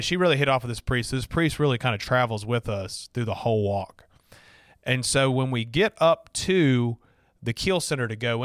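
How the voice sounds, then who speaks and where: A man's voice: medium pitch, a bit bright, dry recording, studio quality. A middle-aged man from Alabama with a Southern accent, casually telling a personal story, chatty and full of fillers and restarts.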